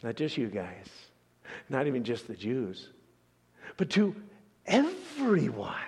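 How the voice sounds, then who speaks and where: A man's voice: medium pitch, huge pitch swings, takes it slowly, a little mellow, slightly rough, in a large hall. A male pastor preaching a sermon dramatically, asking questions and dropping to near-whispers before building up again.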